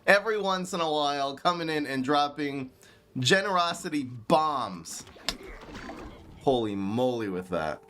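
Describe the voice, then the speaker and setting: Streaming a card game, this man thinks out loud with laughing, excitable commentary. His East Coast accent carries a light New York flavor, his voice sits on the high side, and he talks a little slowly.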